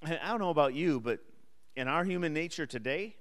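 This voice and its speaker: A man with a fairly high, animated voice talks at a fairly quick clip, and a long reverb tail follows his words. He's teaching an adult Sunday school class in a church classroom or hall, chatting conversationally, putting questions to the class and joking lightly with them.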